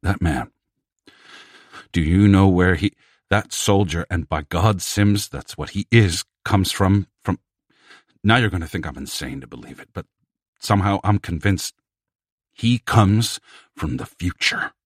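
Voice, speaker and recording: A man's voice: low voice, unhurried, long pauses, dry recording, clean studio sound. A man voicing a startled middle-aged language scholar who speaks in a quavering, amazed way.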